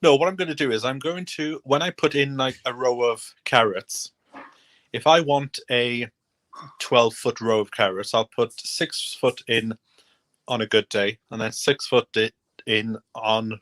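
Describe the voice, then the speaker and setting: A man's voice: medium pitch, measured pace, fairly bright tone, dry recording. A man hosting a casual gardening chat show, rambling and self-deprecating as he talks. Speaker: host.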